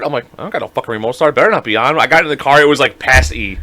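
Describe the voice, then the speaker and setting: A man co-hosting a casual podcast, telling stories in an excitable way with plenty of swearing. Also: mid-range voice, very fast, hardly any pauses. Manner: excitable, heavy swearing, animated retelling. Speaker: podcast co-host. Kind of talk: casual chat.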